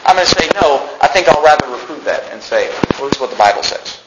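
A man delivers a sermon from the pulpit, his voice fairly high and carrying hard at the loud moments before easing into calm reasoning. The room rings with echo, and a steady noise sits under the recording. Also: quick pace, hardly any pauses, lo-fi sound. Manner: preaching, swings from shouting to quiet reasoning. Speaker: pastor.

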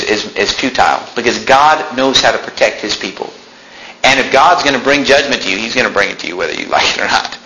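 A man preaching from the pulpit in a bright, cutting voice that rings around an echoey church room. He reads scripture aloud, then drives his points home with insistent repetition, over a faint hiss in the recording. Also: mid-range voice. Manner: preaching with rising intensity, reading scripture aloud. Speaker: pastor. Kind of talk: sermon. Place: church sanctuary.

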